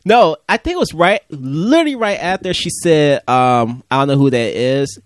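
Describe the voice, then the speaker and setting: Teasing man with a lively voice. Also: fairly high pitch, normal speed, no echo. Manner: teasing, laughs often. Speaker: podcast guest, host's brother. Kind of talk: casual chat.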